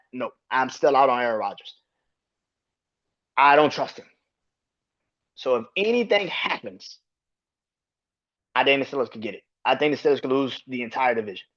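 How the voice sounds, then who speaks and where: A man hosting a casual sports podcast, swearing freely and laughing between rapid opinions. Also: medium pitch. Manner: profane, animated, laughs often. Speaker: podcast host. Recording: dull lo-fi sound.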